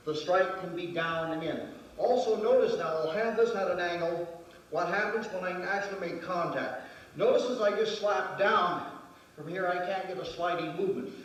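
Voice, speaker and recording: During a demonstration lesson, a male martial arts instructor walks through the moves step by step, counting them out. His voice sits high, with a little hiss or hum, and he is recorded from far off in a very echoey room.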